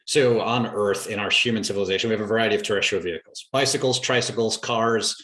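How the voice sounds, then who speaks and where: Podcast host guy, lower voice, kinda halting, lots of restarts, echoey room. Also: pushed and bright. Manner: halting, thinks aloud with restarts. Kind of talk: conversational podcast interview.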